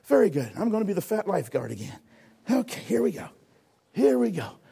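Husky high-voiced preacher man. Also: brisk. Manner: animated, acts out a lifeguard rescue with shouts; calls for audience response. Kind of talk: sermon.

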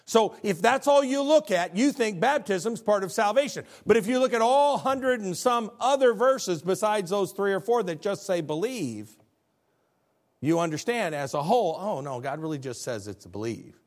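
A middle-aged man preaches to a congregation in a fairly high voice. His delivery is plain and folksy, and he walks through terms one by one. He keeps posing rhetorical questions to the room. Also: lively intonation, moderate pace. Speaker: pastor. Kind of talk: sermon. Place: church service before a congregation.

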